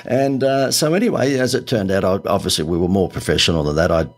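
Aussie guy on a podcast, deep husky voice, chatty, laughs a lot. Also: fast. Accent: Australian. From Australia. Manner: chatty, laughs often, many fillers. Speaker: guest, ad agency founder. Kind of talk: podcast interview storytelling.

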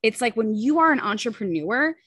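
A woman in her thirties, a podcast guest, candidly telling a personal story in quick, casual talk full of "like" and "you know". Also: fairly high pitch, sing-song, a bit bright, husky, dry recording, studio quality.

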